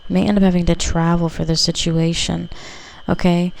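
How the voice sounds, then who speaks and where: Gravelly-voiced woman reading tarot cards. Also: lowish voice, little pitch movement, moderate pace, a little mellow. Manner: rambling and intuitive, heavy with filler words. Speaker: tarot reader. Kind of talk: casual pick-a-card tarot reading.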